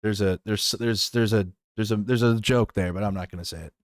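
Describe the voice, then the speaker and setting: A man's voice: on the low side, fairly even intonation, brisk, dry recording, studio quality. A man streaming live, reacting to news in loose, profane, rambling talk. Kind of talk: casual live stream commentary.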